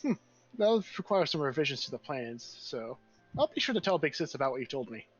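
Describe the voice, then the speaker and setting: A man voicing an excitable young royal third heir who rambles and corrects himself mid-sentence. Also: fairly high pitch, brisk, highs cut off, faint music behind. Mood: thoughtful.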